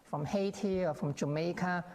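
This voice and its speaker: A man's voice: high-pitched, moderate pace, a little mellow. Lecturing male guest with long reverb. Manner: lecturing, with many restarts and acted-out quotes. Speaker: interview guest, scholar. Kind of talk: explanatory interview talk. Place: TV interview set.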